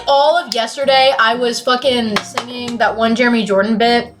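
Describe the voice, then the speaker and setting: Profane, excitable young woman streamer. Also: on the high side, normal speed, hardly any pauses, over music. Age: late teens. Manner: profane, excitable, swings from loud to mumbled. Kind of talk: casual chat.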